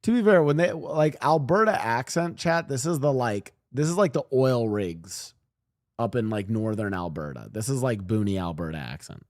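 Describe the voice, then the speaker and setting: A man's voice: medium pitch, animated, moderate pace, dry recording. A man streaming and reacting to clips, rambling animatedly and talking to his chat.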